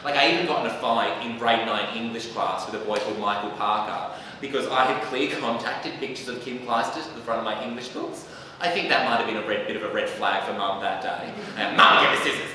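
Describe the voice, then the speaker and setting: A man's voice: mid-range voice, a little fast, bright, forceful tone, a little hiss or hum. A young Australian man doing stand-up, telling self-mocking stories with lots of ums and a sassy edge, live on a theatre stage. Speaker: stand-up comedian. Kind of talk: stand-up storytelling. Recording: echoey hall, mic from far off.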